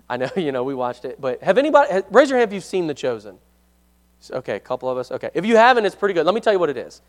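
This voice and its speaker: A man leading a casual Bible study for a congregation, chatty and self-deprecating, often asking the room questions and reading verses aloud. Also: a little high.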